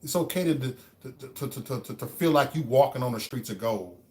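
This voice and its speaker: A man hosting a livestream, giving a motivational talk to his chat. He repeats phrases over and over and stammers on single words, swinging between hushed musing and loud preaching. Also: medium pitch, lively intonation, moderate pace. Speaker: livestream host.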